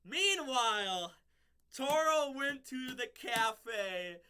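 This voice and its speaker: Casual male vlogger, high and sharp-toned, loose rambling recap full of "um" and "like". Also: moderate pace. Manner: rambling, many fillers and restarts, laughs at own slips. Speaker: episode reviewer.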